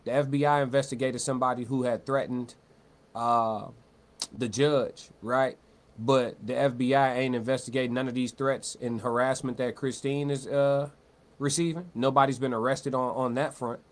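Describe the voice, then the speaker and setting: A livestream host with a steady, medium-pitched voice talks at an ordinary pace, reading chat aloud. He's slangy and conversational, repeating words and restarting as he goes.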